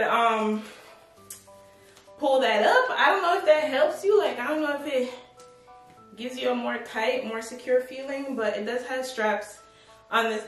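In an echoey room at home, a fashion vlogger films her clothing try-on haul on a tripod camera, her voice a little high and fairly bright. She's chatty and upbeat, sometimes out of breath, leaning on "like" and "but yeah."

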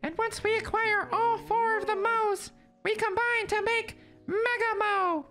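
A man voicing Magmo, a squeaky, childlike little male puppet monster who giggles and turns mock-sinister. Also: steady tone, measured pace, bright, forceful tone, faint music behind, exaggerated voice. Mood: mock menacing. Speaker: streamer. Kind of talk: comedic character voice on stream.

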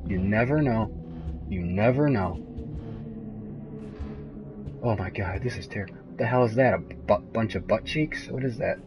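A young man commenting live on a horror game, jumpy and profane, moving between hushed muttering and high-pitched yelps. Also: normal speed, pauses often, over music, low-quality recording. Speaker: gaming host playing a horror game.

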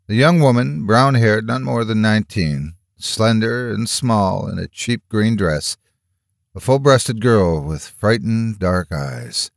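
Deep-voiced man reading a horror story. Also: gravelly, dry recording, clean studio sound. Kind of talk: dramatic audiobook reading.

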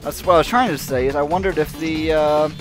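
A man's voice: on the high side, a little fast, faint music behind. Rambling man narrating his gameplay. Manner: rambling, self-mocking, laughs often. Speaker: gaming channel host. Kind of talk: casual gameplay commentary.

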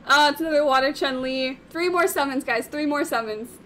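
A young woman streams live with a very high, sharp, bright voice. She squeals and repeats the same phrases again and again. The stream audio sounds slightly off. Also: fairly quick, slight background noise. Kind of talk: excited live-stream commentary.

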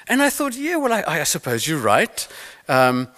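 A man's voice: on the high side, moderate pace. A man giving a keynote talk on mental toughness, telling stories with playful asides to the audience. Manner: animated storytelling with playful asides. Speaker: motivational speaker.

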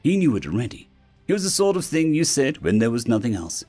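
A man narrating a science-fiction story in an expressive storytelling manner. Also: mid-range voice, fast, faint music behind. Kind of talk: scripted sci-fi story narration.

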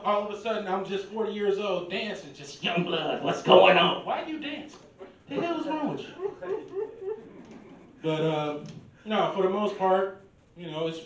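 High-voiced stand-up comic in his thirties. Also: dull audio. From Milwaukee, USA. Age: 30s. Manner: loose, profane, conversational. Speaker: stand-up comedian. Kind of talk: stand-up comedy set. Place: karaoke bar open mic. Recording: roomy bar echo, distant mic.

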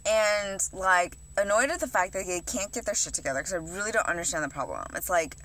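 A young woman talks straight to the camera in a loose, confessional vlog. Her voice is bright and forward. She rambles, swears freely and fills almost every sentence with "like" and "you know". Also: mid-range voice, brisk. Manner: rambling, heavy swearing, many fillers. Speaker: vlogger.

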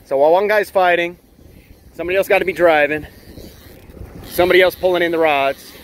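A fishing channel host with a high-sitting voice talks briskly, with a little hiss or hum on the recording. Filming with a handheld camera on a small boat out at sea, he gives chatty, self-teasing running commentary in casual on-the-spot vlog style.

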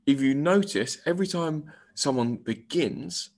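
A man's voice: a little high, animated, a little slow, a little mellow. A male primary school teacher giving a recorded English lesson, explaining step by step and reading example lines aloud.

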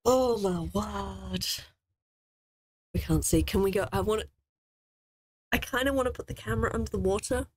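A young woman streaming a horror game, excitable and easily scared, swearing often as she plays. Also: medium pitch, normal speed, pauses often, no echo. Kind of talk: gaming commentary.

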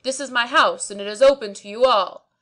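Indignant old magistrate from a storybook, loud and protesting ; woman reader voices him. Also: on the high side, brisk. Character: flustered, indignant older male judge.

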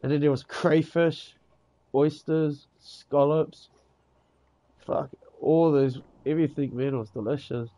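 Rambling New Zealand man, mellow voice. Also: fairly high pitch, steady tone, slow pace. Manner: rambling, swears freely, peppers talk with "eh" and "bro". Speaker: gamer in voice chat. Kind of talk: casual chat.

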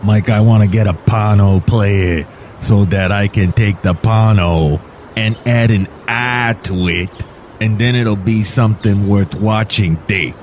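A man voicing a goofy fellow who claims a Norwegian accent and ends his lines with a drawn-out tag. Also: fairly low pitch, slight background noise, pitched below the performer's own voice, lightly acted. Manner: deadpan with odd sing-song tag.

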